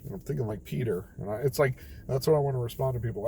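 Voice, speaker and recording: A man's voice: fairly low pitch, very fast, hardly any pauses, mellow, a little hiss or hum, poor audio. A young man telling a rambling, self-deprecating story late at night, tired and quoting others as he goes. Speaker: vlogger.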